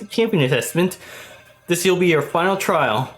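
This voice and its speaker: A male streamer plays through a game and reads the characters' dialogue aloud in a theatrical, hammy way, his pitch swinging all over. Faint game music plays behind him, and he keeps cracking himself up as he reads. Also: lively intonation, moderate pace. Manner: laughing, theatrical, hammy reading of game lines. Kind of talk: let's play commentary, reading game dialogue aloud.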